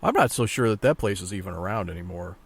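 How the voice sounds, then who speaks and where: A man with a somewhat low voice co-hosts a casual podcast. He talks in a relaxed, profane way and often restarts his sentences mid-thought. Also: husky, dry recording. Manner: laid-back, profane, halting with restarts. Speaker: podcast co-host. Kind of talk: casual chat.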